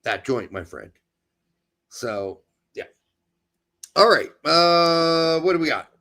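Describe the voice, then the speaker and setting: A man with a high, swooping voice holds forth in a heated soccer chat. He rants and mocks in sarcastic bursts, and his pitch leaps all over the place. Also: takes it slowly. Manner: animated, ranting, sarcastic mimicry. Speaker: podcast co-host.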